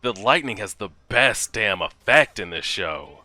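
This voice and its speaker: A man hosting an anime reaction video, talking casually and excitably, swearing and talking back at the screen. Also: fairly low pitch, unhurried, hardly any pauses, no echo, faint music behind.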